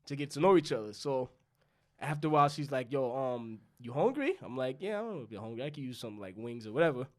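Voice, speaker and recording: This New York podcast co-host, a young man, talks fast in an expressive, mid-range voice. Chatting casually, he spins a loose, profane story and voices both people in the exchange.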